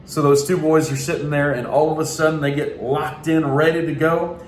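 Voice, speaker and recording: A young man from Oklahoma giving a motivational keynote, energetic and telling a story while acting out the voices in it. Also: on the high side, moderate pace. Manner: energetic, acts out voices in his stories. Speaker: keynote speaker. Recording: echoey room, faint ambient noise.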